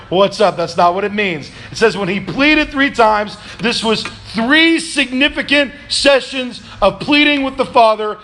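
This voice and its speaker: A man pastor preaching a sermon in a church, calling for answers from the congregation, swinging between loud, shouted pleas and low, quiet reflection. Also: animated, unhurried, hardly any pauses. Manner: preaching with call-and-response, rising to shouts then dropping low. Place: church sanctuary.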